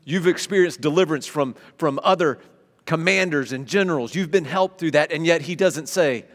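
A man preaching a sermon, stumbling over repeated words and swinging between loud emphasis and hushed tones. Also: a little high, moderate pace. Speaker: pastor. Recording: long hall reverb.

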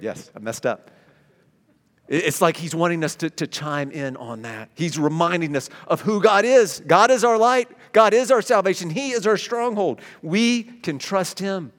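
A man preaching a sermon, stumbling over repeated words and swinging between loud emphasis and hushed tones. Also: high voice, expressive, measured pace. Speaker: pastor. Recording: long hall reverb.

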